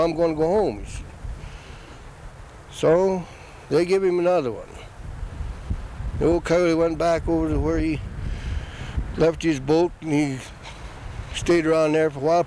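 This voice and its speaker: An older man telling a traditional story in an unhurried, plain-spoken way, repeating "he said" between the quoted lines. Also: on the high side, darkish tone, slight background noise, low-quality recording.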